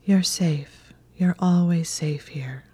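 A woman voicing a calm, protective young wizard in a low, soothing murmur, as whispered role-play. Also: moderate pace, natural voice.

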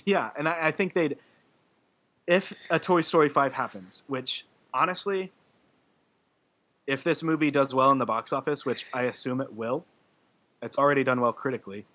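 A man's voice: medium pitch, moderate pace, pauses often, a bit bright. A man in casual podcast chat, gushing and emotional, rambling with many fillers and restarts. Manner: gushing about a film, laughing through his words.

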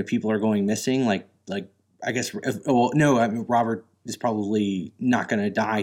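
A man's voice: lowish voice, a little mellow. A man co-hosting a podcast, hesitantly thinking aloud about what a movie's story might do. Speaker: podcast co-host. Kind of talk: casual chat, speculating about a movie.

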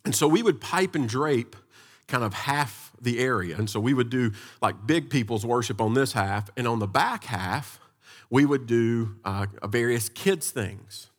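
A man's voice: medium pitch, a little slow. A man, a pastor, telling a church story in a loose, conversational sermon style. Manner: conversational, animated storytelling with restarts.

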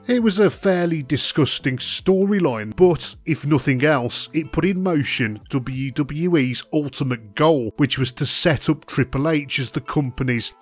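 A man reading a scripted retrospective narration in a steady, even documentary manner. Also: a little high, measured pace, hardly any pauses, faint music behind.

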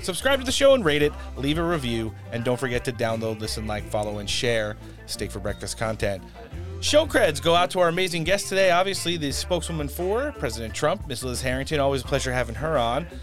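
A man's voice: medium pitch, lively intonation, fairly bright tone, faint music behind. A man hosting a political podcast, chatting and reading his sign-off and sponsor spots. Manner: brisk sign-off with ad reads. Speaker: podcast host. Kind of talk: casual political podcast chat.

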